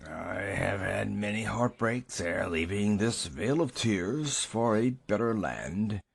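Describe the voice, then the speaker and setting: A man voicing a domineering, very old family patriarch in an audiobook, speaking in a deep, portentous monotone. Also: slow pace, vocal fry, husky, no echo, exaggerated voice. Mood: pompous. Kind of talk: audiobook character voice.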